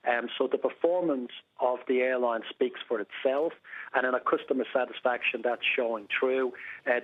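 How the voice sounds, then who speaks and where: A man who runs an airline, giving a business news interview over a remote link, upbeat and on-message, with many uh and um fillers. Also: medium pitch. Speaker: airline chief executive. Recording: phone-like remote line.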